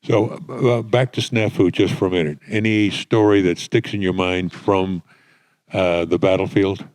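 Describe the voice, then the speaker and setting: Older man, very low pitch, dry recording, interviewer, brief questions. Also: steady tone, unhurried, darkish tone, no room sound. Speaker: interviewer, moderator. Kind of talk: fireside chat interview.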